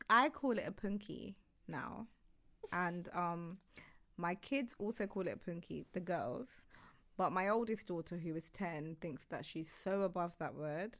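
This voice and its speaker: A woman's voice: lowish voice, fairly bright tone. A woman in her thirties, a mother co-hosting a podcast, chatting casually and giggling through anecdotes. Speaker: podcast co-host. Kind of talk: casual chat.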